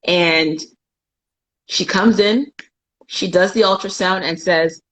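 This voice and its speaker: This young Canadian woman, a guest on a live chat, candidly recounts a painful episode from her life and imitates the voices of those involved. Her voice is fairly low and slow with long pauses, and the recording quality is poor.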